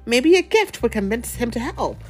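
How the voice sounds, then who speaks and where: A woman's voice: on the high side, big pitch swings, normal speed, noisy background, pitched above the performer's own voice. A woman reading aloud, voicing a young, helpful little moth in a storybook. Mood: hushed.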